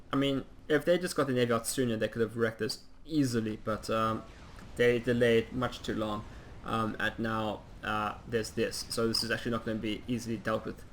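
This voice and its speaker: Gravelly man casting a strategy game. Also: medium pitch, fairly bright tone, slight background noise. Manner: rambling, chatty, with frequent ums and uhs; self-mocking humor. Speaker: game caster. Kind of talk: casual play-by-play game commentary.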